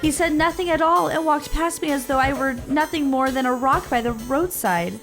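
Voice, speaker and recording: A man reading game narration aloud as a young woman, in a steady storybook manner. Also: extremely high pitch, normal speed, soft background music.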